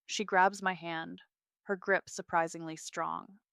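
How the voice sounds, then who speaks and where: A woman narrating a first-person family drama in a cool, clipped way. Her voice is bright and forceful, with crisp, clear diction. The sound is dry and close. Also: fairly low pitch, level tone, a little slow, no echo.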